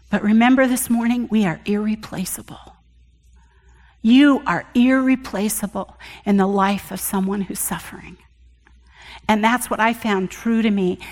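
A middle-aged woman giving a sermon with personal testimony, earnest and emphatic, moving from loud emphasis to hushed tones. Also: on the high side, big-room sound. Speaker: guest speaker at church session. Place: church hall.

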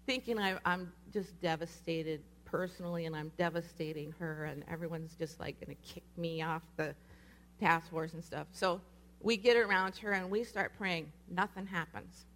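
A woman's voice: fairly low pitch, normal speed. A woman preaching in a casual storytelling way, acting out the voices of the people she quotes. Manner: animated, acts out quoted voices. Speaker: speaker. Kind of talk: sermon storytelling.

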